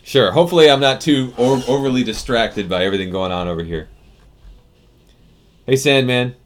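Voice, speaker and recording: A man's voice: mid-range voice, normal speed, a little hiss or hum. An American man casually chatting on a live stream, answering viewer comments into a desk mic with loose restarts. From United States. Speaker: software developer streaming live. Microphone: desk microphone.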